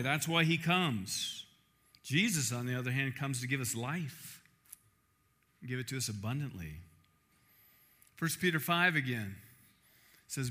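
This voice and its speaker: A man preaching a sermon at a camp, emphatic and animated, asking the listeners rhetorical questions. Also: medium pitch, measured pace, pauses often.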